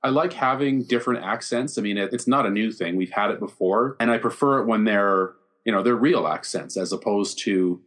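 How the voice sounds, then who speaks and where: A man's voice: on the low side, fairly quick, a bit bright. A man co-hosting a casual movie podcast, easygoing and chatty. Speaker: podcast co-host.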